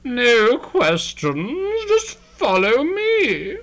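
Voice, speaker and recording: A cold, commanding loner hero voiced by a woman in a fan-dub adventure. The voice is high and lively, and the pace is slow and deliberate. Lines come out as clipped orders or grand narration. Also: full character voice, low-quality recording. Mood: urgent.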